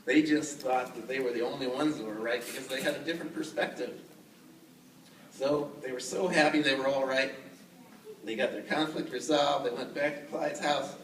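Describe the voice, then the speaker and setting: A man's voice: mid-range voice, a bit bright. A man narrates a children's puppet story playfully and talks straight to the kids. The sound is distant and echoey, with faint background noise. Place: outdoor fair.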